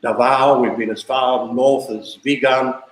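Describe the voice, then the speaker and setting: A man's voice: medium pitch, fairly even intonation, unhurried. Chatty older man in an echoey room. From South Africa. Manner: chatty, anecdotal, repeats himself. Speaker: guest. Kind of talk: casual storytelling interview.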